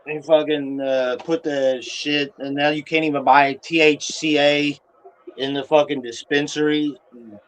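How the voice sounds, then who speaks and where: Exasperated swearing man, somewhat high voice. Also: little pitch movement, measured pace, rough recording. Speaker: guest. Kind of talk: casual chat.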